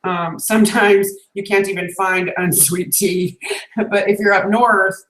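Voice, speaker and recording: A woman with a Southern US drawl chats easily on a live stream, stopping often with fillers and pauses to explain things. Her voice sits in the middle of the range and carries a clear room echo. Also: mid-range voice, fairly bright tone. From North Carolina, US. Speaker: co-host. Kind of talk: casual live-stream chat.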